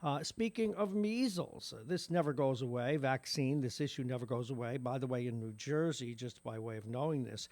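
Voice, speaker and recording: Morning radio host, male, New York accent, gravelly, dry close mic, wry asides between headlines. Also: medium pitch, moderate pace, hardly any pauses, a little mellow, dry recording. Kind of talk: reading local news with side commentary. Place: radio studio.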